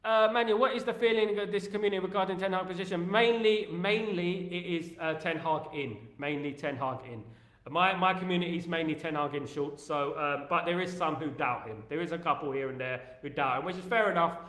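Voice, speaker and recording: A London-accented man hosting a casual football live stream, reading viewer comments aloud, upbeat and repeating his phrases as he shouts out fans. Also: a little high, quick pace, reverberant. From England. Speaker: livestream host.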